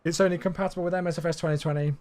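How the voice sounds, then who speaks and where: A man's voice: a little high, steady tone, racing, a little mellow. A man streaming a flight simulator, chatting in an easygoing way and answering viewers' questions aloud, a bit sleepy and yawning. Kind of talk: casual live-stream chat.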